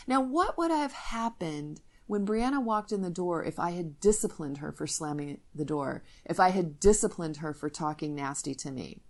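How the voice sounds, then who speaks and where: A middle-aged woman hosting a parenting podcast, teaching and telling candid family stories with frequent restarts. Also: lowish voice. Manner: candid, storytelling, self-interrupting restarts. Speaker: podcast host, parenting coach.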